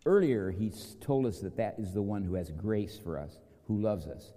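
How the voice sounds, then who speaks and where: Preacher man in a reverberant hall. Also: moderate pace. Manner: storytelling with acted quotes, lively pitch swings. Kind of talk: sermon.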